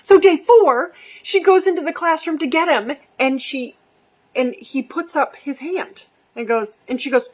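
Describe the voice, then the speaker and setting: A middle-aged woman, a behavior coach, telling a story casually to camera and acting out the quoted voices with lively energy. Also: high voice, moderate pace. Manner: animated, acts out quoted voices.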